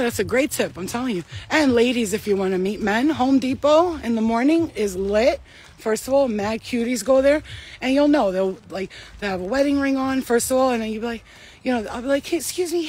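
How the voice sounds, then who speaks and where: A woman's voice: on the high side, a little mellow, husky. Blunt, profane New woman vlogging. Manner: blunt, profane, laughing often. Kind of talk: casual chat. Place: outdoors walking a dog.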